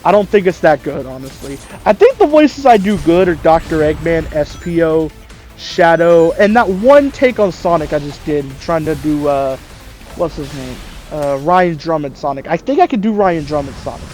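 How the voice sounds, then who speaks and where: A man's voice: a little high, animated, normal speed, darkish tone, soft background music. A man hosting a gaming video, chatting casually and rambling, correcting himself as he thinks aloud. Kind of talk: casual chat about voice impressions.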